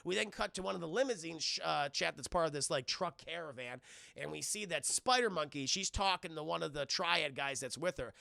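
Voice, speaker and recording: Gravelly, bright-voiced streamer recapping a movie. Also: male voice, a little high, fairly quick, dry recording. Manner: animated, profane, acts out the scenes.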